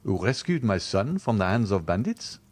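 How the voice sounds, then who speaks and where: A man's voice: lowish voice, sing-song, normal speed, a little mellow. A man voicing a proud aging general and nobleman in an audiobook, stiff and formal.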